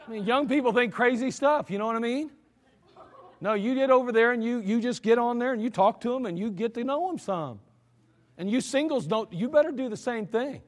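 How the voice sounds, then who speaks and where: A man's voice: very high-pitched, fairly quick, big-room sound. A man preaching a sermon as pastor, blunt and exhorting, scolding his listeners directly.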